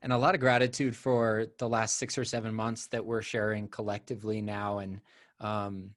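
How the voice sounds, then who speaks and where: A man's voice: lowish voice, level tone, moderate pace. A man hosting a podcast, talking candidly and rambling, with casual swearing. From United States. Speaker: podcast host.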